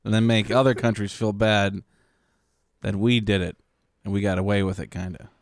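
Male podcast co-host, lowish voice, easygoing quips, dry close recording. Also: fairly even intonation, normal speed, no room sound. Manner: joking, laid-back quips. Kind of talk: casual podcast chat.

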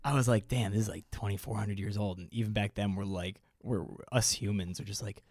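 A man co-hosting a casual podcast, talking in an animated way and slipping into silly high impressions. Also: fairly quick, no echo, studio quality. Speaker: podcast co-host. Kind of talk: casual chat.

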